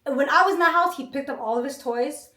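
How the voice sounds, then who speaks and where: A young woman co-hosting a casual podcast, telling lively stories to viewers and swearing as she goes. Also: sits high, fast. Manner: lively storyteller, swears, addresses viewers as guys. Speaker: podcast co-host. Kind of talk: casual chat. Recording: echoey room, mic at a distance.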